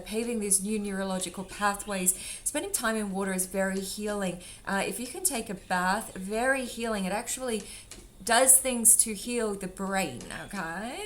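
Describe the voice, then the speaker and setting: Chatty woman reading tarot cards. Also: mid-range voice. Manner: chatty and rambling, calls viewers sweetheart and darling. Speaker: tarot reader. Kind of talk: casual tarot reading video. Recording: faint drum music underneath. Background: faint drum music.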